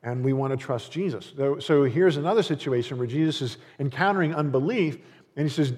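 A man's voice: medium pitch, fairly quick, darkish tone, breathy edge. A man preaching a sermon as pastor in a church, earnest and conversational, with frequent fillers and restarts. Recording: long reverb of a church hall.

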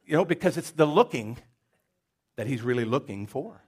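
A man's voice: mid-range voice, animated, moderate pace, breathy edge. A man preaching a sermon in a folksy, conversational way, with jokes and stories and a Southern US accent. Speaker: pastor. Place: church.

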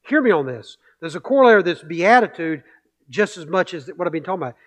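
A man's voice: high voice, very animated, fast talker. A male pastor preaching a sermon, emphatic, repeating key phrases and building with rhetorical questions.

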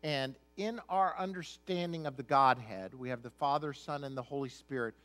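A man's voice: medium pitch, normal speed, fairly bright tone. A male pastor preaching a sermon, reading scripture aloud and then explaining it in an emphatic, conversational way.

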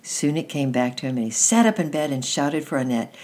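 Storytime reader, woman, unusually deep low voice, gentle steady read-aloud. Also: a little fast. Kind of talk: reading a children's book aloud.

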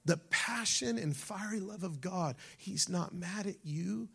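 In his sermon, a pastor alternates between shouting to the congregation and dropping to a near-whisper, preaching with animation. He has a high, gravelly, husky voice and keeps a measured pace.

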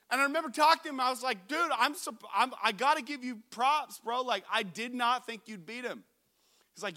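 A man preaching a sermon as a pastor, telling a story in a lively way, acting out the quotes and joking with the audience. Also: very high voice, brisk. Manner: animated, acts out quotes, jokes with the audience.

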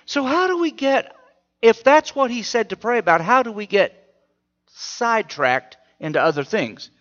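Lively man preaching in an echoing hall. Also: very high-pitched, normal speed. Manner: conversational, asks rhetorical questions. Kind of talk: sermon. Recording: muffled audio with long hall reverb.

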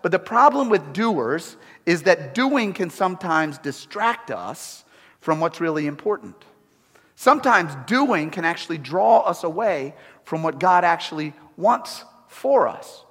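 High-voiced preacher with lively delivery. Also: male voice, measured pace, breathy edge. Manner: animated, repetitive, humorous asides. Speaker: pastor. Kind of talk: sermon. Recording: echoey hall.

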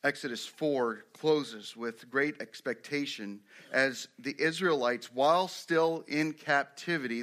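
Bright-voiced preacher, man. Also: fairly high pitch. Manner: swings from hushed storytelling to loud emphatic preaching; asks the congregation questions. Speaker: pastor. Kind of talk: sermon.

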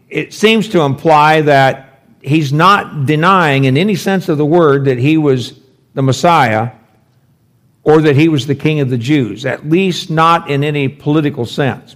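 Guy doing a slow bible study talk, middle voice, chatty, asks lots of questions. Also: mid-range voice. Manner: slow, conversational, thinks aloud with rhetorical questions. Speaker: pastor teaching scripture. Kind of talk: verse-by-verse Bible teaching.

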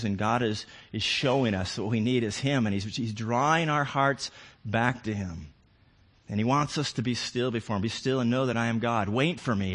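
An older man preaching a sermon with passion, moving from hushed reflection to loud pleading. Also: medium pitch. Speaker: pastor.

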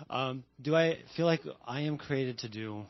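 A man speaking as a church panel guest, hesitant and halting, with many fillers and restarts. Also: medium pitch, no room sound. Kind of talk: unscripted testimony. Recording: dull sound.

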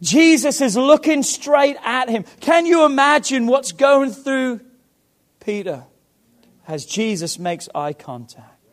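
A man preaching a sermon, swinging from hushed to loud and fervent, acting out Bible dialogue. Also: extremely high pitch, lively intonation, takes it slowly. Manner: acts out Bible dialogue with stammered repeats. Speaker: pastor.

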